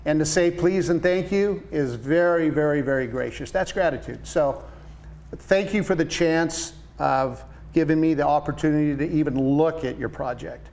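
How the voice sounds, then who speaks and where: A man in his sixties, a painting business owner, chatting as a guest and telling lively stories with quoted voices. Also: a little high, normal speed, vocal fry. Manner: enthusiastic storyteller, animated quoted voices. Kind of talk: casual interview chat.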